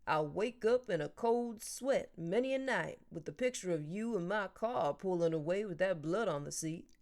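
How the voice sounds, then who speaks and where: A woman's voice: lowish voice, lively intonation, normal speed, darkish tone. A woman voicing a kindly, teasing older man and grandfather who jokes in a dry, storytelling way.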